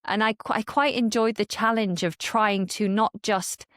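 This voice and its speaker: A woman's voice: medium pitch, moderate pace, dry recording, clean studio sound. A woman from northern England who speaks in trained Received Pronunciation, candidly telling stories as a podcast guest. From Manchester, northern England. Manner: candid, animated storyteller. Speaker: guest, language creator. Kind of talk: conversational podcast interview.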